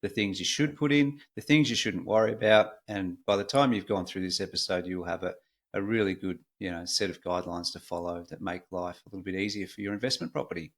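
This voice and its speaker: A middle-aged Australian man hosting a podcast in a relaxed, chatty way with frequent fillers. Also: sits low, fast. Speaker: podcast host. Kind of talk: casual conversational podcast.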